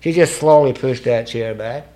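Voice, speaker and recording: An older man telling his story to a recovery meeting, blunt and profane and self-mocking, swinging from hushed recollection to loud laughter. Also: medium pitch, moderate pace. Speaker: speaker sharing at a recovery meeting. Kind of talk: storytelling speech to an audience.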